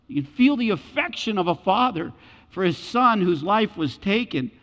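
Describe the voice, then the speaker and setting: Dramatic high-voiced male preacher. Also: very animated, normal speed, a bit bright. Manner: dramatic, acts out biblical voices. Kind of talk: sermon. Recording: echoey hall, dull lo-fi sound.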